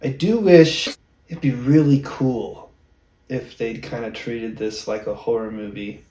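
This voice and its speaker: A man's voice: mid-range voice, unhurried, dark tone. A man co-hosting a casual movie review, giving blunt, firm opinions. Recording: roomy room sound.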